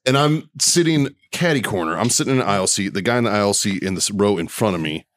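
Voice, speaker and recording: Profane, lively-voiced man telling stories. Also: fairly low pitch, fast, no echo, studio quality. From United States. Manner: profane, animated, laughing. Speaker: podcast co-host. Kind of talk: crude storytelling banter.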